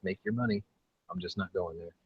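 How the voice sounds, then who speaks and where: Laid-back guy, deep husky voice, kinda dull lo-fi mic, laughs a lot. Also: fairly even intonation, a little fast, dry recording. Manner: laid-back, laughs often, swears casually. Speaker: podcast host. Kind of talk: casual chat.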